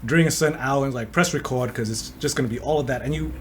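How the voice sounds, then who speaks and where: A man's voice: medium pitch, fast, a little hiss or hum. A man co-hosting a podcast in a casual chat, laid-back, swearing and laughing often. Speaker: podcast co-host.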